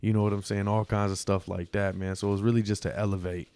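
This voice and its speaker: This podcast guest speaks fast in a smooth, dark, fairly low voice with a level tone. He's laid-back and slangy in the casual interview chat, saying "you know what I'm saying" a lot.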